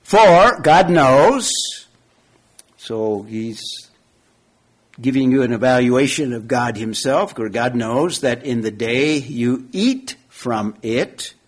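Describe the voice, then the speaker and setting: A man preaching an expository sermon, slowly repeating key phrases and putting questions to his listeners. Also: mid-range voice, breathy edge. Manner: slow, deliberate, repeats key phrases, asks the audience questions. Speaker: preacher teaching from Genesis.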